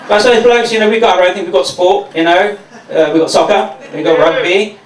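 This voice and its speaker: A comedian from Mauritius works through a sardonic, swearing routine. His voice sits fairly high and reaches the mic from a distance, with a roomy echo and a little background noise. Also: a little fast. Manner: sardonic, profane. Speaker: stand-up comedian. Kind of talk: stand-up routine. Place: comedy venue. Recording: echoey room from a distance.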